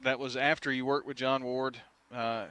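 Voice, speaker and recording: Male sports radio host, friendly, halting delivery, smooth voice, outdoor patio broadcast. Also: medium pitch, level tone, bright, forceful tone, dry recording. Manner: friendly, halting, many uh and um fillers. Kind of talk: casual radio interview.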